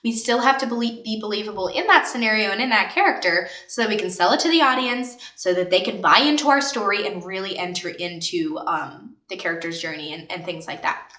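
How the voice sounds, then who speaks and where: A woman's voice: medium pitch, brisk, pushed and bright, recorded from a distance. A woman giving a casual, emphatic acting lesson to camera. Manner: emphatic, demonstrative. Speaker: acting teacher. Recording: echoey room, mic set back.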